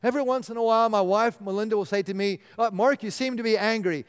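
A man preaches a sermon in a high, resonant voice, earnest in tone and often sinking to a hush to press a point home. His words ring out with the long reverb of a large church sanctuary. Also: quick pace, few pauses, smooth. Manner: earnest, drops to a hushed voice for emphasis. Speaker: pastor.

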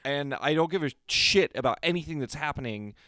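Man co-host, wry and deadpan, slightly high clear voice, dry close-mic sound. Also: brisk, no room sound. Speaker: podcast co-host. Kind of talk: casual chat recapping a movie.

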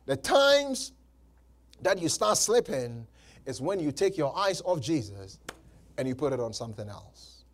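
A male pastor preaching a sermon, repeating phrases and laughing between points. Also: fairly high pitch. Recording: live church service.

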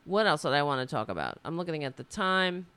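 A woman's voice: low-pitched, big pitch swings, a little fast, a bit bright, clean tone. A woman hosting a casual political livestream, talking in a rambling, indignant way with frequent restarts. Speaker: livestream host.

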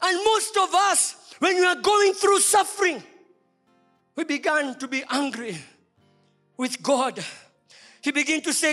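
High-pitched, bright-voiced pastor preaching. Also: male voice, a little slow, pauses often, soft background music. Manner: preaching with sudden shouts and soft drops. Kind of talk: sermon. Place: church.

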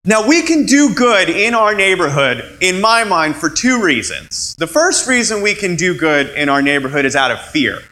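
A male pastor preaches with a lively, swooping delivery, slipping into quoted voices as he goes. His voice sits a little high and sounds bright and forceful. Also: moderate pace, hardly any pauses, rough recording. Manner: animated, acts out quoted voices. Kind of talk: sermon.

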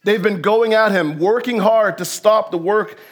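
High-voiced male pastor preaching. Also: measured pace. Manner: conversational preaching that acts out the voices in the text. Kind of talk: sermon.

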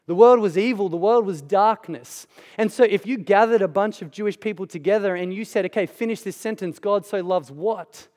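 A man with a high voice preaches a sermon in a church hall, his words trailing into long reverb. He speaks conversationally and emphatically, dropping casual asides to the congregation. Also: normal speed, hardly any pauses, a little mellow. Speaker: pastor.

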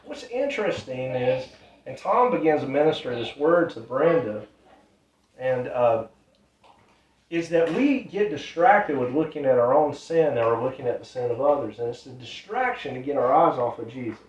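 A man's voice: medium pitch, expressive, normal speed. A man telling a ministry testimony in an earnest, repetitive, casual way. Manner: earnest, repetitive, loose grammar. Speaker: ministry storyteller. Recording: roomy, distant, dull sound.

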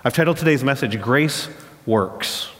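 A man preaching a sermon as pastor, mid-pitched and steady. He builds his points through emphatic repetition and storytelling. His voice carries a long reverb tail, as if recorded in a large church hall. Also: unhurried.

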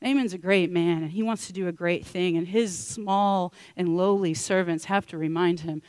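A woman preaching a sermon in a lively storytelling way, acting out the characters with casual slang. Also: on the low side, moderate pace, hardly any pauses, clear, resonant tone, no echo. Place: church.

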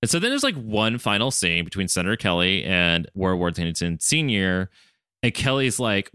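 A man's voice: deep voice, sing-song, normal speed, bright, forceful tone, clean tone, dry recording, studio quality. A man co-hosting a podcast, chatting casually and with lots of swearing as he recaps a cartoon episode and quotes the characters. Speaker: podcast co-host.

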